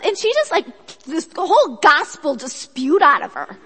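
High-voiced woman preaching in a hall. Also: normal speed. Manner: chatty and animated, acts out quotes. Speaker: speaker at a church gathering. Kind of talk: sermon with personal story. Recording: echoey hall.

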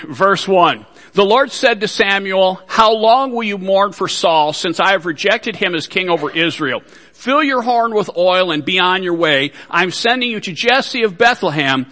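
Casting note: male pastor, high, bright voice, folksy sermon with jokes, reverb of a large church hall. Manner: folksy, joking asides to the congregation.

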